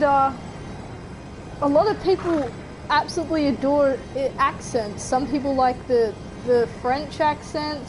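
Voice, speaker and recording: A woman's voice: high-pitched, background noise. Chatty Australian woman gaming. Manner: chatty, rambling, with frequent giggles and fillers. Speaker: gaming streamer. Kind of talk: casual chat while gaming.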